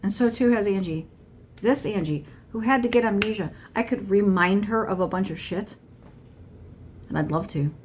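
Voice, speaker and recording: A woman speaks to the camera in a channeled monologue, her voice sitting at an ordinary middle pitch. She is blunt and openly irritated, and profanity runs through almost every sentence. A faint ambient hum sits under her voice. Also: normal speed, darkish tone. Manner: blunt, irritated, heavy swearing. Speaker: tarot channeler.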